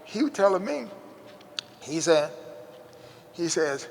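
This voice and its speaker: A man's voice: fairly high pitch, big pitch swings, slow pace, gravelly, in a large hall, a little hiss or hum. A man, an interview guest, telling a childhood story in a folksy, repetitive way with many restarts. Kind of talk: casual storytelling.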